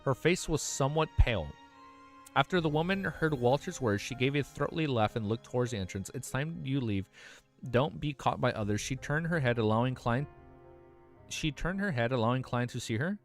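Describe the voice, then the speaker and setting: An excitable male streamer reads a novel aloud on a live stream and keeps stopping to react with cursing and enthusiasm. His voice sits a bit high and bright. It swings widely in pitch. Faint music plays behind him. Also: brisk. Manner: excitable, swears freely, breaks off to react.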